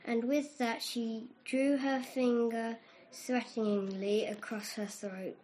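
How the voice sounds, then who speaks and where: A woman narrating a storybook myth in a gentle, descriptive way. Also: on the high side, flat delivery, slow, a little hiss or hum, rough recording.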